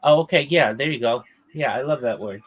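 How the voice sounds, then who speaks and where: A man's voice: medium pitch, brisk, poor audio. A man hosting a voice-chat livestream, talking in a friendly, welcoming way. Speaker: host.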